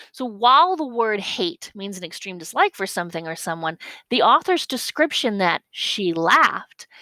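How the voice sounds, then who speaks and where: Gravelly-voiced woman teacher explaining. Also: mid-range voice, fairly bright tone, no room sound, rough recording. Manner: explains step by step, repeats points, checks with "okay?". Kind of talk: classroom lesson walkthrough.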